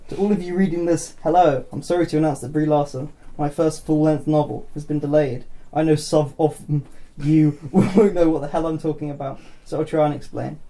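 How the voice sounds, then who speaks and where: A man hosting a podcast and reading short pieces of writing aloud in a measured, reflective way. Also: fairly high pitch, gravelly, mellow. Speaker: podcast host reading stories.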